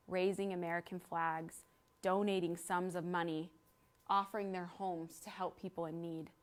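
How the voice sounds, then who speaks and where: A woman in her thirties giving an earnest talk to a live audience, telling a story and guiding them through an exercise. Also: on the low side. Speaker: speaker at a library event.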